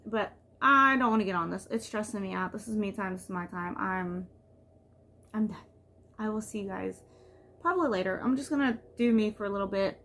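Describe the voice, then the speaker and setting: A woman's voice: medium pitch, fairly quick, bright, forceful tone. A woman vlogging as a mother, talking casually and venting in a rambling way with lots of "like.". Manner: rambling, venting, heavy use of "like". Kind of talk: casual confessional vlog talk.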